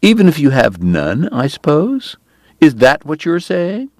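A quarrelsome, sharp-tongued woman who needles and scolds, voiced by a male narrator in a raised register. The sound stays close and dry, her lines clipped and combative. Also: a little high, sing-song, takes it slowly, no echo, voice pushed up. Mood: sharp, bickering. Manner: nagging, bickering. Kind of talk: audiobook character voice.

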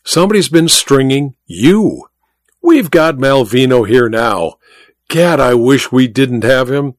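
A man voices a brash, moneyed mining magnate in a storybook reading, raising his voice into a jovial, boastful bark. The voice moves a lot between high and low as he jokes and blusters, and the sound is close and dry. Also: no echo, lightly acted. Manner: hearty, bluff, joking.

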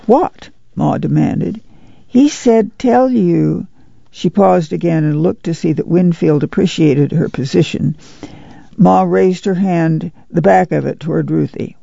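Male audiobook narrator, gravelly, measured; dry, dull recording. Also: a little high, steady tone, warm tone, no echo. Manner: measured, unhurried storytelling. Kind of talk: scripted novel narration.

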